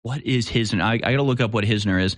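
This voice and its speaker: A man's voice: lowish voice, fast talker, dry recording. A man hosting a live commentary show, talking in a rambling way with restarts and sarcastic asides. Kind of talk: casual opinion commentary.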